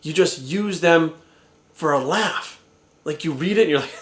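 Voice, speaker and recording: A man's voice: fairly high pitch, brisk, a bit bright. A man in his forties, a fitness coach, giving blunt, profane motivational advice and often asking "right?". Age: 40s. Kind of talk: casual motivational talk to camera. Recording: echoey room.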